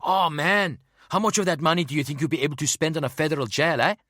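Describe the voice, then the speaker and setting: A man's voice: medium pitch, fairly even intonation, normal speed, bright, forceful tone, no room sound, studio quality, pitched above the performer's own voice, lightly acted. A man voicing a fat, sweating, hot-tempered businessman who rants with a South African accent. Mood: ranting, agitated. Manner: ranting, agitated.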